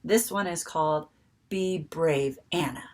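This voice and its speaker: A woman reading a picture book aloud to young children in a soft, gentle, expressive way. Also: low-pitched, a little slow, background noise. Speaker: children's story reader. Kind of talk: storybook read-aloud for children.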